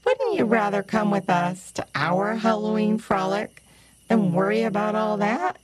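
A woman doing a loud, coaxing jolly pumpkin trickster. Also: medium pitch, animated, a little slow, husky, voice pushed up. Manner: coaxing, sing-song. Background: music.

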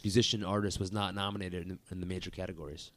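A man's voice: sits low, flat delivery, quick pace, a bit bright, no echo. A young man co-hosting a podcast in casual banter, laid-back as he brings up the next topic. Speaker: podcast co-host.

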